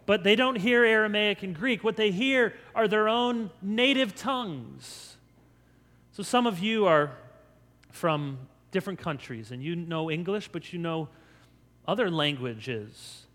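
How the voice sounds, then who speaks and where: An American pastor delivers an animated sermon. His voice sits high for a man, and he jumps into quick voiced asides for the crowd. A long reverb trails his words through the hall. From United States. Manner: animated storytelling preacher, acts out crowd voices.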